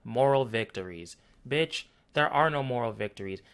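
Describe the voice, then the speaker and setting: A man's voice: mid-range voice, expressive, normal speed, a bit bright, smooth. A man ranting through a basketball game analysis, blunt, profane and sarcastic. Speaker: basketball commentary vlogger.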